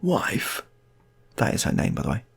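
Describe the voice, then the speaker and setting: Gravelly man telling improvised stories. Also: on the low side, animated, normal speed. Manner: rambling, chatty asides. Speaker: storyteller. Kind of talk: improvised comic storytelling.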